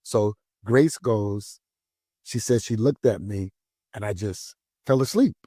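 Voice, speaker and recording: A man's voice: fairly low pitch, slow pace, dry recording, clean studio sound. A man, a pastor, telling a personal story in a casual conversation, acting out the voices of the people in it. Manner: animated storytelling, acts out voices.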